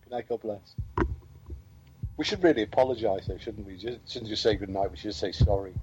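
A man's voice: lowish voice, fairly quick, background noise. A man co-hosting a casual chat show with dry, sarcastic remarks. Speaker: podcast co-host.

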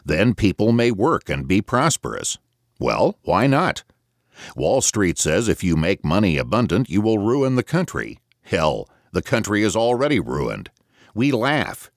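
A man narrating an audiobook, voicing a shrill, anemic male agitator who shouts a rant against the banks. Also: sing-song, unhurried, no room sound, studio quality, full character voice. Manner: ranting, shouting.

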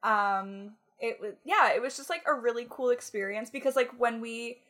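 A young woman chatting on her podcast, spinning a story with plenty of "like" and quick laughs. Her voice is bright and fairly high, with an animated lift. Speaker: podcast co-host. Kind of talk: casual chat.

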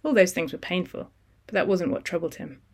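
Calm steady narrator reading a novel, middle pitch, measured. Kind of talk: audiobook narration.

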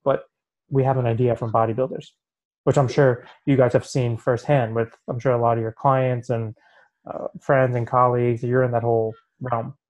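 A man, a naturopathic physician, explaining hormones in a casual interview, animated and peppering his talk with "right?". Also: medium pitch, moderate pace, low-quality recording.

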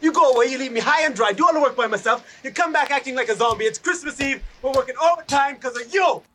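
A man's voice: very high-pitched, fast talker, bright, forceful tone, a little hiss or hum, pitched above the performer's own voice. A man voicing an irritable, overworked male coworker who nags and complains. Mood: griping.

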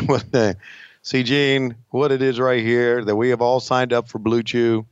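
Halting man with a dull lo-fi sound. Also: mid-range voice, flat delivery, clean tone, dry recording. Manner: halting, many fillers and restarts. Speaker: podcast host, wrestling announcer. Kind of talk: casual chat.

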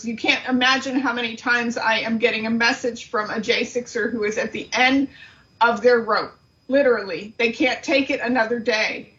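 A middle-aged woman speaks with a slightly high voice, earnest and grief-stricken, her words halting as she tells a painful story. The audio sounds dull and lo-fi. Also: fairly bright tone. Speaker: guest, aunt of the subject. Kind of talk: emotional interview storytelling.

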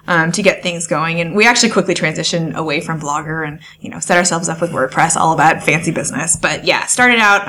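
Young woman guest on a podcast, chatty, animated, tells it like a story. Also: fairly low pitch, slight background noise. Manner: chatty, animated storyteller who acts out past conversations. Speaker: podcast guest, wedding photographer. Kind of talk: casual interview chat.

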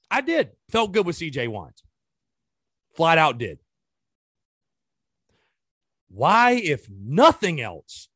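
In casual sports commentary, this podcast host vents exasperatedly and rattles off rhetorical questions. His voice is on the high side and a bit bright, recorded in clean studio sound without any room sound.

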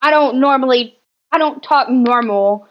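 A woman co-hosting a casual podcast in a high-pitched work voice. Her talk is chatty and loose, full of "like". The recording sounds a little dull and lo-fi. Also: unhurried. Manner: higher "work voice" on the podcast, chatty, uses "like" a lot. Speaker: podcast co-host.

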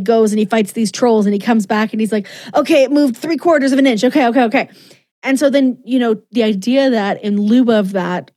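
A woman's voice: medium pitch, a little mellow. Gushing young woman in casual chat. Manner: gushing, emotional, laughs often.

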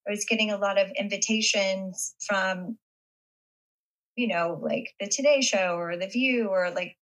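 Bright-voiced woman, hesitant and reflective. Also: medium pitch, unhurried, low-quality recording. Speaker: guest actress. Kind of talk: interview conversation.

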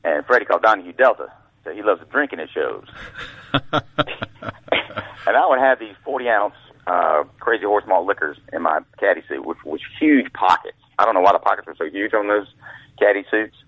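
Husky low-voiced man on a phone line. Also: animated, a little fast, no room sound. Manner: rambling, folksy storyteller. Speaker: author and guest. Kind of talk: telling anecdotes. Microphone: telephone.

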